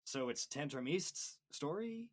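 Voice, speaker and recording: A man's voice: fairly high pitch, lively intonation, unhurried. A man co-hosting a theatre podcast, asking puzzled questions and narrating a story opening. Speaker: podcast co-host. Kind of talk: casual chat and story narration.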